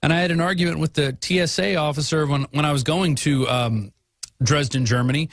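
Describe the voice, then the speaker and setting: A man hosting a political talk radio show, arguing his points with quick asides and frequent fillers. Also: fairly high pitch.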